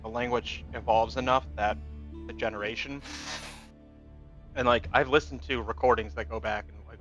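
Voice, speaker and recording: A man's voice: mid-range voice, steady tone, moderate pace, long pauses, a bit bright, muffled recording, faint music behind. A man in a casual gaming chat with friends, explaining things at length in a confident, lecturing way. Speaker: gamer chatting with friends. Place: home gaming setup, voice chat.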